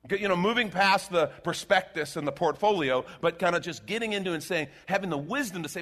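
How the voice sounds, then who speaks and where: A man preaching a conversational sermon, animated and given to sarcastic asides and quick restarts. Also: high voice. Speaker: pastor.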